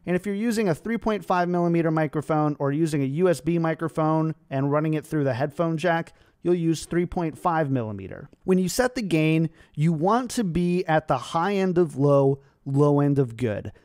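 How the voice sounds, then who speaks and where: A man's voice: a little high, animated, normal speed, hardly any pauses, a little mellow, no echo, clean studio sound. Upbeat man explaining mic settings. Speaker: streaming tech tutorial host. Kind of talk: scripted tech tutorial.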